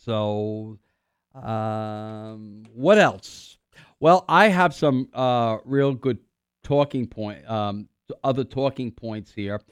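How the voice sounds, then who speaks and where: A middle-aged man hosting a call-in radio show, rambling from point to point with plenty of "uh"s and restarts. His voice is smooth and resonant, close on a studio microphone with a dry, dead sound. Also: on the low side, extremely slow, no room sound. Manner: rambling, filler-heavy, restarts often; coughs and clears throat now and then. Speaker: radio host.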